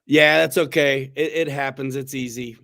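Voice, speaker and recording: A man's voice: mid-range voice, fairly even intonation, normal speed, creaky, bright, forceful tone. A man hosting a casual livestream chat, talking in a laid-back, slangy, rambling way with restarts. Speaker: host.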